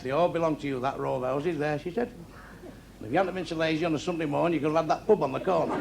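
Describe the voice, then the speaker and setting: A man's voice: a little high, vocal fry, noisy background. A man telling crude, swearing-heavy stand-up jokes to a club audience, recorded live. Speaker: stand-up comedian.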